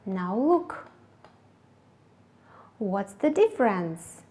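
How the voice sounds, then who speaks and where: A woman teaching English to children in a TV lesson, pronouncing each word slowly and clearly. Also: fairly high pitch, lively intonation. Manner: slow, clear, deliberate pronunciation drills. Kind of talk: classroom instruction. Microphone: TV lesson voice-over.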